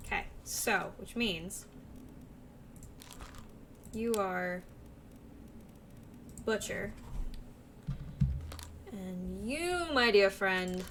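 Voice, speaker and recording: A woman streaming a game, chattering excitedly and thinking aloud. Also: medium pitch, very slow, long pauses. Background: game music.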